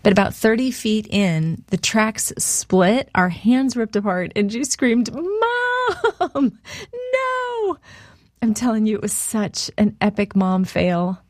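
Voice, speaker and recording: A woman's voice: medium pitch, a little slow, few pauses, a little mellow, no room sound, studio quality. A woman giving a short radio devotional, telling a family story in a conversational way.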